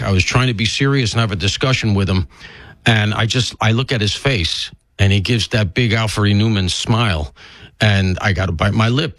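A man's voice: lowish voice, fairly bright tone, no room sound. A man filling in as a talk radio host, riffing casually with jokes and self-deprecating asides, a bit congested from allergies.

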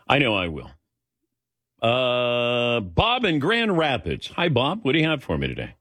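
A man's voice: mid-range voice, sing-song, moderate pace, fairly bright tone, dry recording, clean studio sound. A man in his sixties hosting a call-in sports radio show, chatty and laughing often. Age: 60s.

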